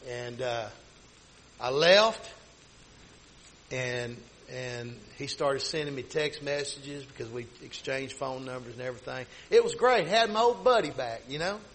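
A man's voice: mid-range voice, measured pace, a bit bright, poor audio. A middle-aged man, a pastor telling a personal story in a rambling, folksy sermon style. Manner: folksy, rambling with many restarts.

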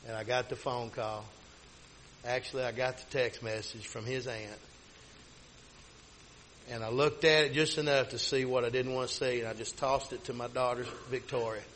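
A man's voice: medium pitch, fairly even intonation, normal speed, fairly bright tone, a little hiss or hum, poor audio. A middle-aged man, a pastor telling a personal story in a rambling, folksy sermon style. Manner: folksy, rambling with many restarts.

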